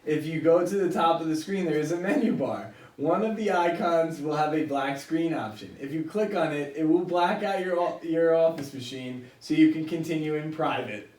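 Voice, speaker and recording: Young male podcast host, rowdy laughing banter, slightly high voice, distant mic in an echoey room. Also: normal speed, few pauses. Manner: laughing, swearing, excitable banter. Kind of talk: casual chat. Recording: roomy, distant mic with faint ambience.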